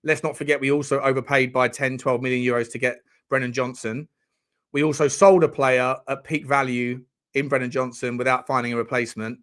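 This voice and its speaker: A man's voice: medium pitch, little pitch movement, brisk, fairly bright tone. A man hosting a casual live-stream chat, joking around and reading out viewer messages. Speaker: livestream host.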